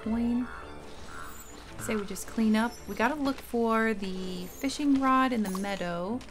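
A woman streamer commenting casually on her gameplay, thinking out loud with small hesitations. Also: a little high, measured pace. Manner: thinking aloud, chatty with hesitations. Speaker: game streamer. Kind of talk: casual let's-play commentary. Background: faint game music.

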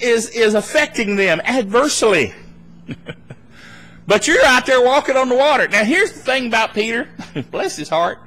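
Animated, bright-voiced male preacher. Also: very high-pitched. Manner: animated preaching, laughing between points, acting out worried voices. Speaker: pastor. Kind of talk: live sermon. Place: church meeting.

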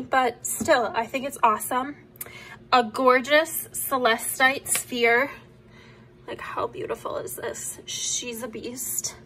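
A young woman, chatting casually and enthusiastically as she shows off her collection at home, sometimes dropping to soft asides. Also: a little high. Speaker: vlogger. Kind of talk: casual show-and-tell. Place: home room.

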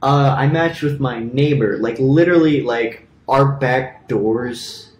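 Slow and a little mellow, this young adult's mid-range voice carries a little hiss or hum in an echoey room. As co-host of a casual podcast, he tells a rambling, filler-heavy story with asides and laughs at himself.

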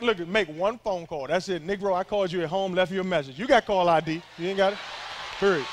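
A man's voice: high voice, brisk, a little hiss or hum. A middle-aged male pastor giving a sermon to a young crowd, talking in a loose, joking way with asides to the listeners. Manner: conversational, humorous preaching with asides to the crowd.

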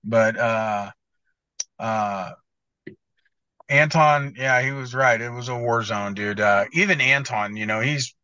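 A man's voice: medium pitch, takes it slowly, long pauses, sharp tone, dry recording. A man co-hosting a casual podcast, telling rambling, profane stories. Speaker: podcast co-host, motocross editor. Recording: dull, dry lo-fi audio.

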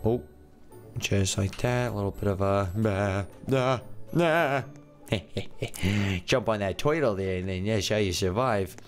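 A man's voice: lowish voice, moderate pace, soft background music. A man giving casual, jokey commentary as he plays a video game, often thinking aloud and confused. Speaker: gaming YouTuber.

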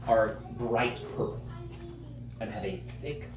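A game master narrating a tabletop game in a laughing, lively way. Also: medium pitch, takes it slowly, music in the background. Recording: echoey room, mic far off, noisy.

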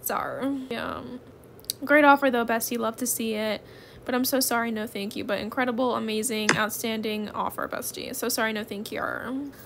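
Chatty gamer girl, slightly high voice. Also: fairly even intonation, moderate pace, gravelly, fairly bright tone, slight background noise. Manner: chatty, keeps addressing viewers as y'all and bestie. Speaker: gaming channel host. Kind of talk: casual gaming chat.

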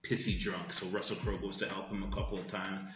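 In an echoey room, a low-pitched male podcast co-host talks fairly quickly as he recounts a film's plot in casual storytelling chat. He swears freely and acts out the sound effects with animated energy.

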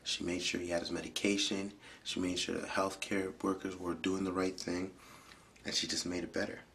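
Male speaker, low register, earnest storyteller who sinks into near-whispers; audition-tape speech. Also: little pitch movement, normal speed, creaky, slight background noise. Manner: earnest, drops often to hushed near-whispers for emphasis. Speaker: public speaker.

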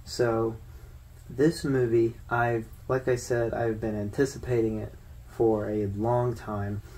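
A man's voice: medium pitch, level tone, slow, darkish tone, recorded from a distance. A man giving a casual, rambling film review to his viewers, with fillers and restarts. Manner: conversational, loose with fillers and restarts.

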